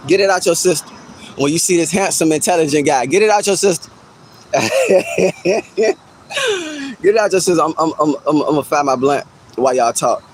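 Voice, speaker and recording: A man with a fairly high voice talks casually to his livestream chat, teasing them and repeating his jabs. He is outdoors, with a faint noise behind him. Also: fast talker, rough recording.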